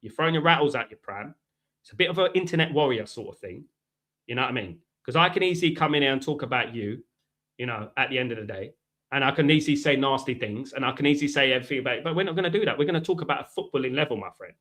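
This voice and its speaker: A man's voice: medium pitch, expressive, racing, fairly bright tone. A middle-aged man from England hosting a live football stream, answering viewers in a combative, chatty way and peppering his talk with 'mate' and 'right'. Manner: combative, talks straight to chat, repeats 'mate' and 'right'. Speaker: football channel host.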